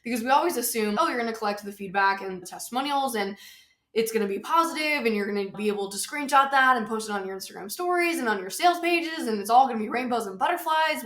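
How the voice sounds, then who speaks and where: Talking alone on her podcast from a home office, this woman is a little out of breath and keeps repeating points for emphasis. Her voice is mid-range and a bit bright, and the room sounds roomy.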